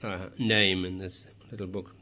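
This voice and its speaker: A man narrates a novel in a measured, even storytelling voice. His pitch sits on the low side, and he drops in the odd wry aside to the listener. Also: slight background noise. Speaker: audiobook narrator. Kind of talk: scripted narration.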